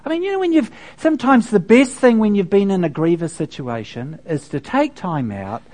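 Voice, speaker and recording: A man's voice: high voice, sing-song, normal speed, a little mellow. A man, a pastor preaching a sermon in a conversational, storytelling way with frequent asides to the congregation.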